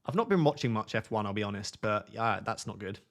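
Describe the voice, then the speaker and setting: A man's voice: on the low side, animated, fast, a bit bright. A man hosting a live fantasy football stream from home at night, reading chat aloud in a jokey, self-mocking way.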